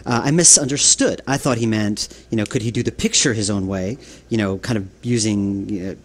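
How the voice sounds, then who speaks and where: Game developer from New York, man; casual, rambling commentary, lowish voice. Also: steady tone, brisk. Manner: rambling, many fillers and restarts.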